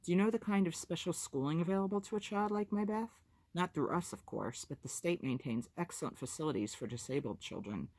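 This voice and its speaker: Calm, firm nun with a measured, doubting delivery, read by a woman. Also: fairly low pitch, no echo, pitched above the performer's own voice.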